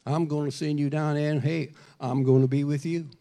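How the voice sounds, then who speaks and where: A man voicing God in a sermon, slow, booming and loud. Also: steady tone, lightly acted. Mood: reassuring. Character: God, a booming male deity voice.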